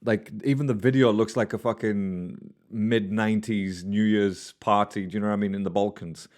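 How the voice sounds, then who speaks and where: A man's voice: on the low side, steady tone, normal speed, a little mellow. A man with a British accent hosting a music reaction channel, talking casually in a blunt, rambling way with fillers and swearing. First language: Albanian heritage, also speaks Albanian.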